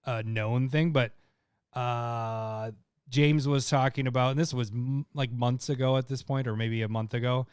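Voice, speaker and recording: A man's voice: medium pitch, fairly even intonation, unhurried, a little mellow, clear, resonant tone, no echo, clean studio sound. A young man co-hosting a podcast in casual chat, often laughing and rambling as he talks. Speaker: podcast co-host.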